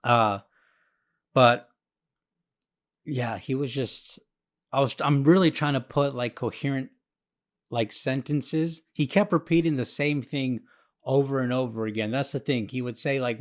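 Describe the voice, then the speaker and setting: A man hosting a podcast who tells a story in a rambling, profane, self-mocking way. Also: medium pitch. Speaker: podcast host. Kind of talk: casual storytelling monologue.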